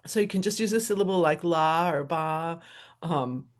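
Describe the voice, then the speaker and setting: Speaking at a moderate pace in a low-pitched voice, a middle-aged woman hosts her show. She's a professional violinist, and her solo talk rambles casually, punctuated often by laughs.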